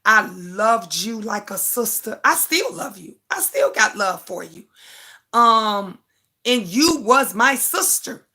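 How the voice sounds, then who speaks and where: Bright-voiced older woman chatting to viewers. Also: a little high, lively intonation, takes it slowly. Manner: talks straight to her audience, repeats herself, speaks with feeling. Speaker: YouTube live-stream host. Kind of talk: emotional casual live chat to viewers.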